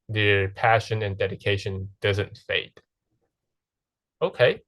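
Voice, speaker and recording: A man's voice: fairly low pitch, fairly bright tone, dry recording. A man teaching a lesson, explaining step by step and checking in with "right?" and "okay". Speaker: English teacher. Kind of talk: recorded classroom lesson.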